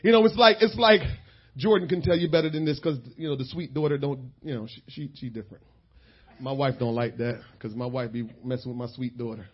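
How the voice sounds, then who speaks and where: A middle-aged male pastor preaching a sermon, with shouted bursts and laughing asides. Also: on the high side, big pitch swings, brisk, breathy edge, highs cut off.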